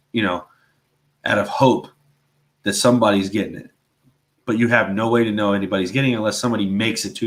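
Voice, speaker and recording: A man co-hosting a casual faith talk show, speaking earnestly and rambling, with a constant "right?" and "you know". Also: lowish voice. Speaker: podcast co-host.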